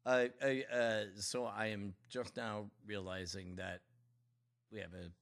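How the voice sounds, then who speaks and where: A man co-hosting a podcast, muttering slowly while distracted by his computer. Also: lowish voice, fairly even intonation, fairly bright tone. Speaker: podcast co-host. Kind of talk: casual podcast banter.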